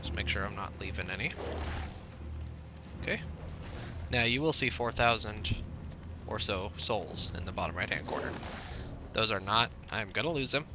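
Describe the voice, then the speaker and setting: A man's voice: lowish voice, expressive, normal speed, pauses often. A man giving casual gameplay commentary, grumbling and easily frustrated as things go wrong. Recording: game music behind voice.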